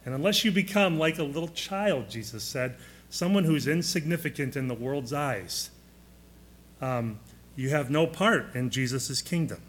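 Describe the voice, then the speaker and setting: Middle-aged male pastor, sermon delivery, a touch higher-pitched, questions the congregation, drags key words for weight. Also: a bit bright. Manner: asks the congregation questions, slows for emphasis.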